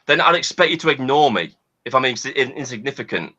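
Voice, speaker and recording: A man's voice: mid-range voice, expressive, brisk, bright, forceful tone. Angry swearing man on a call. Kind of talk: heated online argument. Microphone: video call. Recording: lo-fi video call audio.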